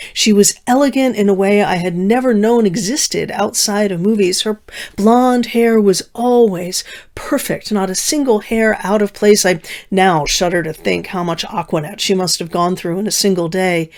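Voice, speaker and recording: A middle-aged woman storyteller telling a personal story, slowing down with dramatic pauses and dropping to soft, hushed asides. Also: medium pitch. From United States. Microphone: video recording.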